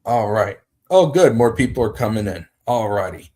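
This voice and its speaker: A man's voice: lowish voice, expressive, moderate pace, a little mellow. A man hosting a casual livestream, rambling and greeting viewers as they arrive. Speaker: livestream host.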